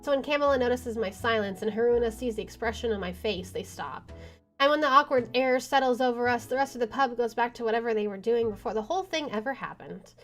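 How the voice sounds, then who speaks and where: Gal streamer reading a visual novel out loud, wry, curses, soft game music. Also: female voice, a little high, fast. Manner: wry asides with swearing.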